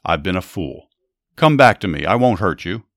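A man's voice: low voice, very animated, moderate pace, fairly bright tone, no room sound, clean studio sound. A man voicing a remorseful older king who calls out imploringly. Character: remorseful older male king calling to a rival.

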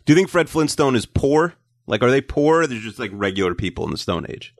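A man's voice: medium pitch, sing-song, fast, dry recording, studio quality. A man in his forties hosting a podcast, chatting casually with a rambling, hesitant, teasing manner. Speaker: podcast host. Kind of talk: casual chat.

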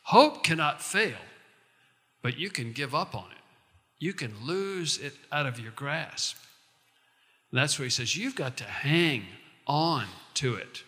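A male pastor preaching a sermon in a conversational way, slowing down to recite verses and lines. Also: a little high, animated, bright, forceful tone, in a large hall.

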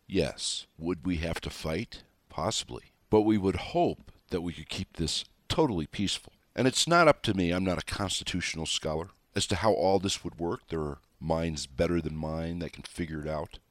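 Deep-voiced man, political commentary monologue, emphatic and scornful, rhetorical questions, dry close sound. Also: normal speed, hardly any pauses, no room sound. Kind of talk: opinion monologue.

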